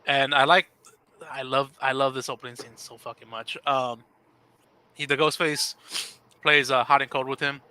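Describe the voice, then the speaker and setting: Brief: male podcast co-host, easygoing and halting, sharp bright tone. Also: mid-range voice, level tone, clean tone, rough recording. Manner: laid-back, halting with fillers. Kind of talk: casual movie review chat.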